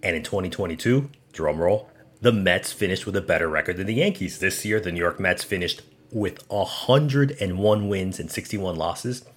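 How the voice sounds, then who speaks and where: Male podcast host, very low voice, casual rambling solo talk with self-corrections. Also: expressive, normal speed.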